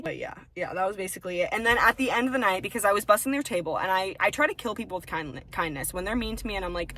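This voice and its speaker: A young woman co-hosting a casual podcast, telling her stories with lots of swearing and animated, acted-out quotes. Her pitch sits in the middle of the range. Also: fast, no echo. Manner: profane, animated storytelling. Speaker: podcast co-host. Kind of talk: casual chat.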